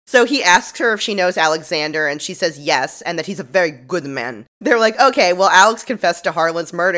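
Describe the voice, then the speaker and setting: Young woman podcast co-host, snarky and profane, low voice that leaps around. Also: expressive, fairly quick, few pauses, a bit bright. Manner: sarcastic, swears freely, laughs often. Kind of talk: casual recap chat.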